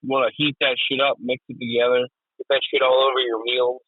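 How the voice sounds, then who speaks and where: A man co-hosting a podcast in casual chat, excitable, swearing and laughing often. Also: medium pitch, quick pace, no room sound. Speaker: podcast co-host. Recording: tinny phone-like sound.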